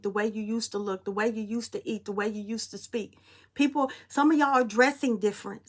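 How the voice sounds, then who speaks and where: A woman spiritual reader in a tearful, passionate monologue, blunt and preachy, speaking. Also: a little high.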